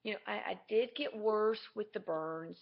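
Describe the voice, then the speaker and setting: A woman's voice: medium pitch, normal speed, vocal fry. A woman talking candidly and chattily to camera in a casual video diary. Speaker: vlogger. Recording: dull lo-fi camera audio.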